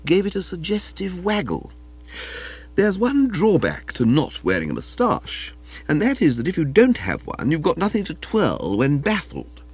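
Animated man narrating a comic novel. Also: mid-range voice, breathy edge. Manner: animated, wry storytelling, characterful quotes. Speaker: audiobook reader. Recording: dull lo-fi recording.

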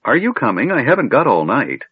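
A man's voice: mid-range voice, wildly swooping pitch, a little fast, breathy edge, no room sound, muffled recording, voice pushed up, full character voice. A man doing a muttering, scatterbrained old wizard. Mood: fussy, rambling. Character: doddering absent-minded old male wizard.

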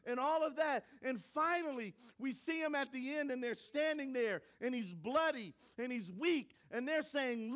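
High-pitched male pastor, lively storytelling sermon delivery. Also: normal speed, hardly any pauses. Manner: storytelling, animated, acts out voices.

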